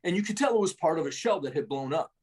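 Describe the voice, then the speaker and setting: A man's voice: fairly high pitch, lively intonation, fast, a little mellow, slightly rough. A middle-aged man, an army veteran, telling war stories in a rambling, salty way, full of restarts and tags like "man" and "right?". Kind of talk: casual war storytelling.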